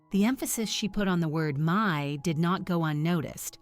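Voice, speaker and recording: A middle-aged woman narrating a first-person family story in an earnest, measured way. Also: on the low side, faint music behind.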